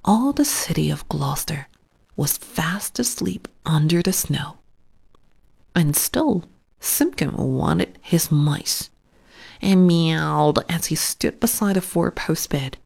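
A woman reading a children's story aloud in a soft, hushed, whispered storytelling voice. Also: fairly low pitch, animated, slow, creaky, breathy edge.

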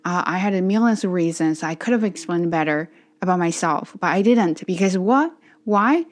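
Tired, earnest woman vlogging, lowish voice. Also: animated. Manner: earnest, self-reflective, halting. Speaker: channel host practicing English. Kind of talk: casual personal vlog monologue.

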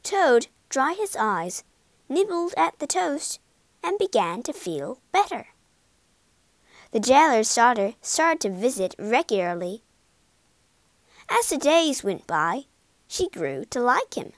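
Slow, lively woman storyteller. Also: fairly high pitch, dry recording. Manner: expressive, deliberate. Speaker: narrator. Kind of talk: storybook read-aloud narration.

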